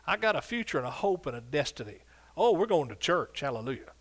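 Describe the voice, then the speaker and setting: An older pastor preaches exuberantly in a church sanctuary, his sermon punctuated by hallelujahs and whoops. He sings scripture slowly and drawn out in a fairly high, sing-song, fairly bright voice.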